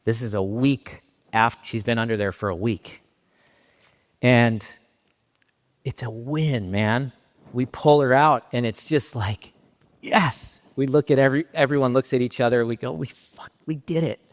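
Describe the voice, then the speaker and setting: A middle-aged man from Southern California giving a keynote talk, telling a personal story in a halting, emotionally raw way with frequent restarts. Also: mid-range voice. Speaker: keynote speaker. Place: conference stage in a large hall. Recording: reverberant hall sound.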